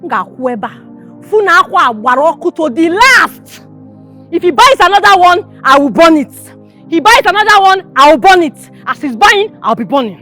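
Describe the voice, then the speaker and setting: A wicked aunt with a Nigerian accent, scolding and mocking in a high voice that swoops all over. Soft film music plays underneath. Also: female voice, very animated, a little fast, exaggerated voice. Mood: spiteful. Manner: scolding, mocking, switching into Igbo. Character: wicked scheming aunt, middle-aged woman.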